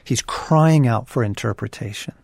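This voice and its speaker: A man's voice: medium pitch, normal speed, vocal fry, darkish tone, no echo, studio quality. A man co-hosting a podcast conversation, talking about faith and suffering in an earnest, emphatic, preacherly way. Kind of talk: conversational Christian teaching.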